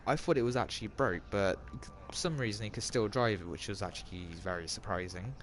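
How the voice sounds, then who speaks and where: Playing a game, this man speaks briskly in a fairly low voice, recounting a movie in a loose, wandering way. He keeps starting over and going off on tangents, all over heavy noise from cars and the game.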